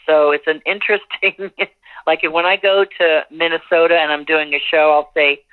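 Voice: mid-range voice, flat delivery, normal speed, clear, resonant tone. A singer in a phone interview, talking earnestly and rambling with many restarts. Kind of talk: phone interview, candid talk. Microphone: telephone. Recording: tinny phone line.

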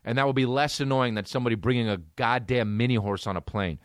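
A man hosting a comedy podcast, ranting in an incredulous, profane, animated way. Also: medium pitch, quick pace, dry recording, clean studio sound. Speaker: podcast host.

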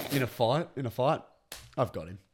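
A man's voice: medium pitch, lively intonation, unhurried, background noise. A young Australian man co-hosting a podcast, laid-back and crude in casual banter, laughing often. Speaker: podcast co-host.

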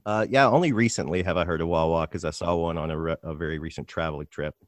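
Laid-back low-voiced bartender from Arkansas. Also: male voice, fast, dry recording. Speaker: bartender and podcast guest. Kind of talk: casual chat.

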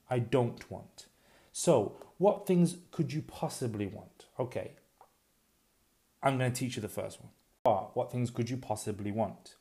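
A man teaching a recorded language lesson, drilling words slowly and repeating them, chatty and a little self-deprecating. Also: mid-range voice, mellow. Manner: slow, repetitive drilling with pauses for practice.

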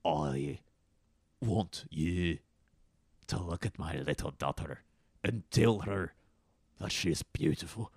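A man voicing a gruff, protective Scottish father in a mock Scottish accent. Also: low-pitched, slow pace, long pauses, a little mellow, dry recording, clean studio sound, heavily acted.

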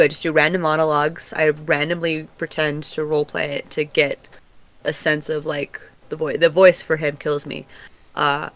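A woman's voice: low-pitched, a bit bright. A woman co-hosting a podcast in casual chat, playful and jokey, rambling from one thought to the next. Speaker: podcast co-host.

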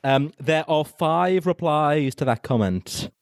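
A man's voice: a little high, animated, slow, no echo, studio quality. A man hosting a casual chat, wry and drily funny. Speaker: podcast host.

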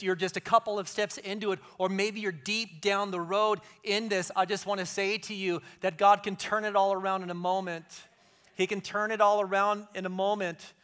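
High bright-voiced male pastor preaching. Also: normal speed, clear, resonant tone. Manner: conversational, animated, drops to hushed tones for emphasis. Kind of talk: sermon.

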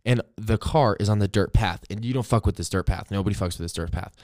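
A man's voice: on the low side, fast, dry recording, clean studio sound. A young man hosting a podcast, telling a rambling prank story in casual chat, full of "like" and the odd curse word. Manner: rambling, animated storyteller with many "like"s and profanity. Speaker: podcast host.

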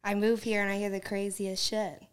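A woman's voice: mid-range voice, level tone, brisk, clean tone. A young woman with a Southern Californian accent, chatting as a guest on a podcast and laughing often. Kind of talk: casual chat.

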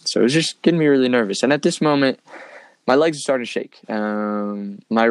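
A man's voice: mid-range voice, a little fast, smooth, no echo. A young man telling a long personal story in casual chat, rambling, with many fillers like "like" and "dude". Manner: rambling, filler-heavy, says "like" and "dude" often.

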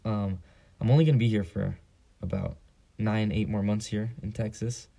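A man's voice: fairly low pitch, steady tone, moderate pace, creaky, warm tone, breathy edge. A teenage boy hosting a casual solo podcast, telling a joking, profane story. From San Diego. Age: teens. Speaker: podcast host.

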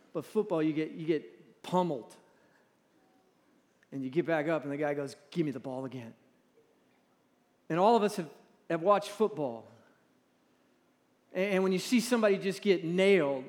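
A man in his forties preaching a sermon in a church, talking in a halting, conversational way with repeated words and drawing the audience to respond. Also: a little high. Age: 40s. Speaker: pastor. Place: large church hall. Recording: long reverb in a large hall.

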